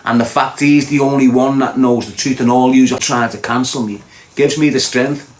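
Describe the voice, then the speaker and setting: A man's voice: mid-range voice, steady tone, moderate pace, reverberant. A man with a Liverpool accent telling a heated, insistent story as a podcast host. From Liverpool, England. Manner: ranting, fired-up, insistent.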